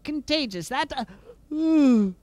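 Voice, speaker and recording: A man's voice: extremely high pitch, lively intonation, slow pace, darkish tone, no echo. Mock-serious male narrator. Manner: mock-serious, stumbling over words.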